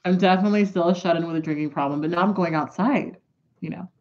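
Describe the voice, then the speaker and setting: A woman's voice: on the low side, fast, darkish tone. Rambling, profane woman vlogger, lo-fi sound. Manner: rambling and profane, drifting into asides while doing makeup. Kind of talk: casual storytime vlog.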